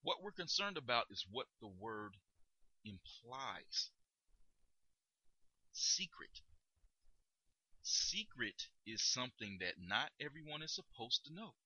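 A man coaching listeners on tone of voice, explaining and demonstrating in a lively instructional monologue. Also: medium pitch, moderate pace, husky, dry recording, poor audio. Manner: demonstrates tones, emphatic and lively delivery. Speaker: dating coach.

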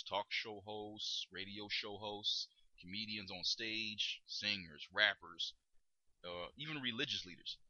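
A man hosting a podcast lesson on communication, speaking deliberately and stressing key words as he explains. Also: on the low side, bright, forceful tone, dry recording, dull audio. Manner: deliberate, emphatic, stretches key words for demonstration. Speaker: podcast host teaching communication skills. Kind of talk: instructional podcast talk.

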